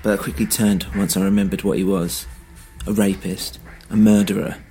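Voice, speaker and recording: Low-voiced man narrating a dark drama. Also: flat delivery, soft background music. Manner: tense, measured storytelling. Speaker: narrator and host. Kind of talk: scripted first-person audio drama narration.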